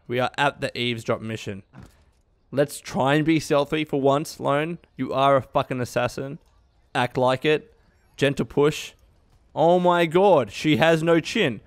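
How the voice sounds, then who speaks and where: A young man giving excitable, swearing let's play commentary, laughing often. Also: mid-range voice, a little slow, no echo. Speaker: gaming youtuber.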